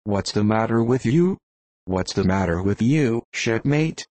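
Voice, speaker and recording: A man's voice: on the low side, expressive, darkish tone, dry recording. Give me a man reading as a bossy middle-aged landlady. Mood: scolding. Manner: scolding, brisk. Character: bossy, practical middle-aged female innkeeper. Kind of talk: audiobook reading.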